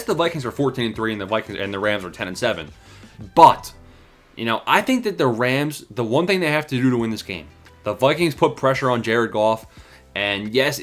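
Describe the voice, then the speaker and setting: A man's voice: medium pitch, a bit bright. A young man casually calling his football picks to viewers in slangy, hyped talk, out of breath. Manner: hyped, slangy, talks to viewers as "boys" and "bro". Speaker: sports predictions host. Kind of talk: casual sports betting talk.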